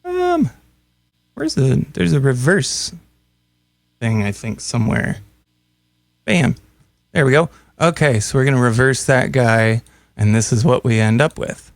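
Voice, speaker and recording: Gravelly-voiced man chatting while producing. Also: mid-range voice, big pitch swings, measured pace, long pauses. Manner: chatty, reads out viewer comments while working. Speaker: music producer and host. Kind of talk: casual live music-making commentary.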